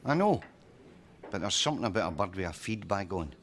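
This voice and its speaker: A man's voice: sits low, very animated, fairly quick, noisy background. An actor playing a crude, scheming man in a pub in a sitcom. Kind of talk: sitcom acting.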